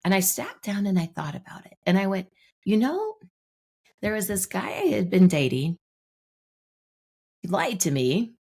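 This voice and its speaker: A woman podcast guest explaining her ideas in a relaxed, explanatory way, telling anecdotes. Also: medium pitch, a little slow, long pauses, husky. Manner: explanatory, tells anecdotes with acted-out dialogue. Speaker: guest, manifestation teacher. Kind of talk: podcast interview.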